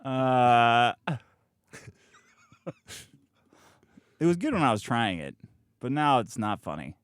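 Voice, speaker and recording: A middle-aged man hosting a podcast, telling a story in a profane, animated way and acting out the people in it, close on a podcast mic. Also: mid-range voice, slow pace, smooth, dry recording. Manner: animated, profane, acts out quotes from his story. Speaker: podcast host. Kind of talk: casual storytelling.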